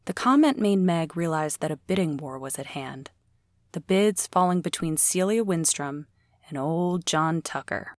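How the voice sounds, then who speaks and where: A woman reading a novel aloud as an audiobook narrator, in a steady storytelling read. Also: deep voice, measured pace, no room sound, clean studio sound.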